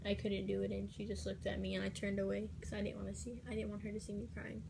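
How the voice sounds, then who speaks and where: A teenage girl tells a personal story straight to the camera, halting and restarting, sometimes sinking into a soft whisper. Her voice stays level and carries a gravelly fry. Clear background noise sits under the recording. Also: mid-range voice, level tone. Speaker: vlogger.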